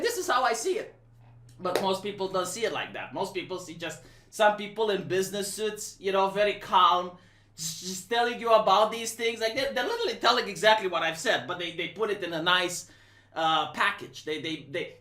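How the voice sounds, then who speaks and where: This is a woman with a Romanian accent delivering casual commentary in a bright, forward voice. She is blunt and emphatic, and she often repeats herself and restarts her phrases. Her voice echoes in a roomy space. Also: medium pitch, lively intonation, moderate pace. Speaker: live-stream commentator. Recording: roomy echo.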